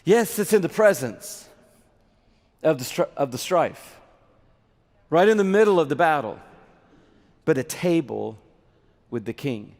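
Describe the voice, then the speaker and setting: A middle-aged man preaches with an animated delivery and slips into little acted scenes. His voice sits fairly high. The sound carries a long reverb from a large hall. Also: measured pace, pauses often. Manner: animated, acts out little skits with props. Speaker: pastor. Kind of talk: sermon.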